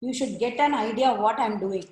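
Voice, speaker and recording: A woman's voice: a little high, fairly quick, a little mellow. A woman teaching an online art class, giving patient step-by-step instructions over a video call. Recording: echoey room on a video call.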